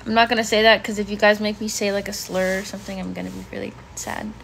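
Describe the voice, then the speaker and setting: Gravelly young woman chatting on a livestream. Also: medium pitch, level tone, fast talker, fairly bright tone, a little hiss or hum. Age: 20s. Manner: reacts to chat comments, exasperated and blunt. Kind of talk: casual livestream chat reading comments. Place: bedroom at home.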